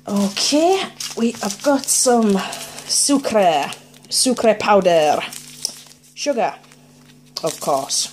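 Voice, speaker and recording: A woman's voice: mid-range voice, darkish tone, slight background noise. A woman, chatting casually as she unboxes items on her vlog and thinks aloud in a playful way. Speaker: unboxing vlogger.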